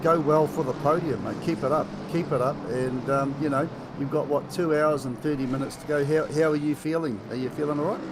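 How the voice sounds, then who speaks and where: A man's voice: fairly high pitch, fairly even intonation, fairly quick, few pauses, background noise. A man with a New Zealand accent commentating a live sim race, chatty and joking, with lots of fillers and restarts.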